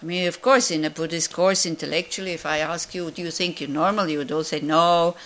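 A woman's voice: sits low, fairly even intonation, a little fast, a bit bright. Woman teaching a Buddhist class. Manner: conversational, rhetorical questions, many fillers.

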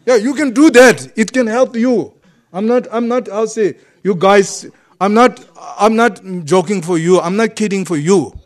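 A man teaching as a Buddhist monk, speaking halting English that is not his first language, often pausing to find a word and chuckling through his points. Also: high voice. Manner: broken English, often gropes for words. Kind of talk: dharma talk to a group.

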